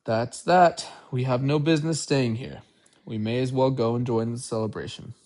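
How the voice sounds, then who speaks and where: Wise old storybook wizard, calm and wry , voiced by a male reader. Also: mid-range voice, normal speed, lightly acted.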